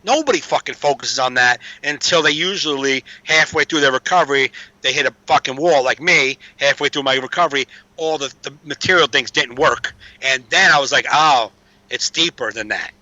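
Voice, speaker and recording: A man's voice: mid-range voice, normal speed, pushed and bright, no echo, highs cut off. A man telling recovery stories in a casual chat, streetwise and swearing freely. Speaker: podcast guest.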